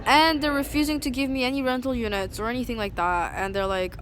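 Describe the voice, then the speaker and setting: Woman, fairly high voice, agitated rant, rambling fillers, muttering to loud, traffic noise behind. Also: steady tone, fast talker, hardly any pauses. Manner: agitated, rambling, heavy use of "like"; swings from low muttering to loud indignant. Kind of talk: venting to camera. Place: outdoors at a city bus station. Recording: street noise and passing vehicles.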